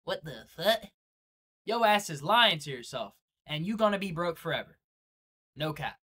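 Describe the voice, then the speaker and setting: Blunt profane young man, bright voice. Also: on the high side, animated, moderate pace, husky. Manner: blunt, profane, slangy, preachy. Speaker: day-trading vlogger. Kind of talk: motivational rant to camera.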